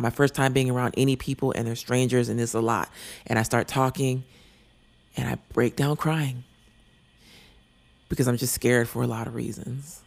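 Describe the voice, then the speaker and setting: A man telling an earnest, rambling, confessional personal story, sometimes dropping to a soft near-whisper. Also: mid-range voice, vocal fry.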